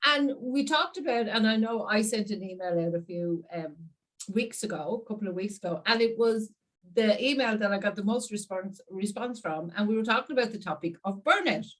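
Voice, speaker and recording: Excitable Irish woman host. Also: medium pitch, a little fast, far from the mic, poor audio. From Ireland. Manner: enthusiastic, animated, laughs often. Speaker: interview host. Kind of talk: conversational interview.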